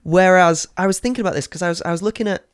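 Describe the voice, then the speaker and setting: Smooth-voiced northern English man, curious. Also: high-pitched, racing, no echo, studio quality. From northern England. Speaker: podcast co-host. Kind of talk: casual chat.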